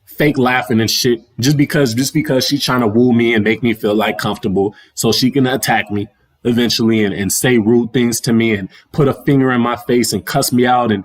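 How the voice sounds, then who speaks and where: Man, young adult, livestream host, casual slangy rant, repetitive, mid-pitched voice. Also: fairly even intonation, fairly quick. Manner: slangy and repetitive, circling back over the same points. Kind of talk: casual ranting monologue. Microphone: livestream mic.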